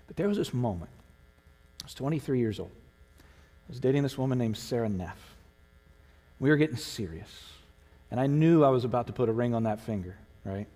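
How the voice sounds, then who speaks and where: A man's voice: mid-range voice, lively intonation, fairly quick, mellow. A man preaching a sermon as pastor of a church, earnest and emotional, building to fervent emphasis. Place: church sanctuary. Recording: long hall reverb.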